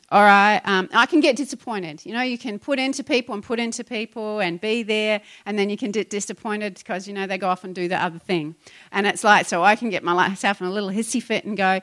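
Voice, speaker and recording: Middle-aged woman, pastor, conversational sermon, animated. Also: mid-range voice, a little fast. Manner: conversational, animated, acts out her own complaints.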